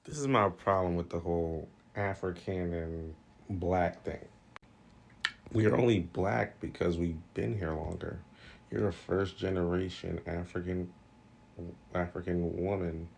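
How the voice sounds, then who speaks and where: A man's voice: low voice, steady tone, unhurried, vocal fry, a little mellow, a little hiss or hum. A young man in a blunt, exasperated casual rant, swearing freely. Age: young adult. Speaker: commentator. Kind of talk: casual social media rant.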